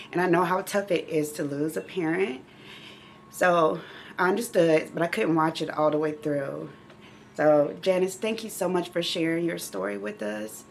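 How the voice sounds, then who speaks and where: A woman's voice: on the low side, normal speed, vocal fry, a little hiss or hum. A middle-aged woman hosting her own channel, talking openly and emotionally to viewers in a casual, heartfelt way. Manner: emotional, speaks directly to viewers. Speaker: channel host living with myeloma. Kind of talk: heartfelt casual vlog talk.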